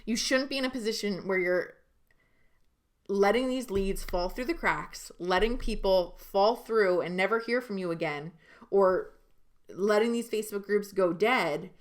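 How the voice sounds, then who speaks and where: A woman's voice: medium pitch, measured pace. A woman business coach giving a live online training, speaking emphatically and talking directly to her viewers.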